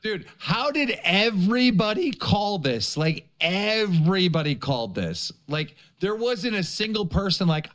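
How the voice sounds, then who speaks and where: A man hosting a livestream, his voice lively and swinging in pitch. He holds his ground firmly, saying sorry again and again. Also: unhurried. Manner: insistent, repeatedly apologetic. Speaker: livestream host. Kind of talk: livestream commentary.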